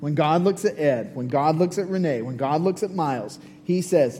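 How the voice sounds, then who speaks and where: Pastor guy preaching, kinda high but mellow voice, big echoey church, faint hum. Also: animated, moderate pace, hardly any pauses. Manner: earnest, conversational preaching with repeated phrases. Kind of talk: sermon. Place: church sanctuary. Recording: long hall reverb, faint hum.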